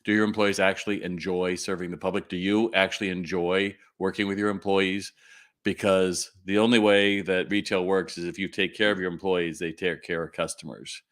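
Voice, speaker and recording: Animated middle-aged man hosting a live Q&A. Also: low-pitched. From California. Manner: animated, quick asides and audience calls to respond. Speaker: retail consultant hosting a live Q&A. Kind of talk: live-stream Q&A talk.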